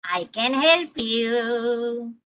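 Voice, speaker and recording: A woman voicing a calm, friendly anger monster in a storybook tale, speaking slowly and soothingly. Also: fairly high pitch, muffled recording, soft background music, voice pushed down, full character voice. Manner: slow, soothing, reassuring.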